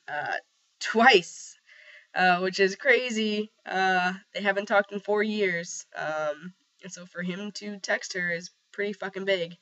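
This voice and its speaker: Young man with a rough sick voice. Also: high voice, bright, forceful tone. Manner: rambling, heavy on fillers. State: voice rough from a cold. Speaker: vlogger. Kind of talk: casual personal video diary. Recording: slightly dull lo-fi sound.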